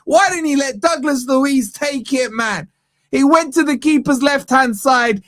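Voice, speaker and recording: A man's voice: very high voice, animated, slow, fairly bright tone, no room sound. A man hosting a fan channel, giving live watch-along commentary on a match from a studio, ranting in exasperation and tagging "man" onto nearly every line.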